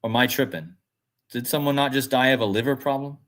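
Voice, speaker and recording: A man's voice: mid-range voice, quick pace, a bit bright. A man hosting a casual livestream, talking in a loose, rambling way. He muses aloud and reacts to viewers' comments as he goes, in an ordinary mid-range voice. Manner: rambling, musing aloud, reads chat comments. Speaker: livestream host.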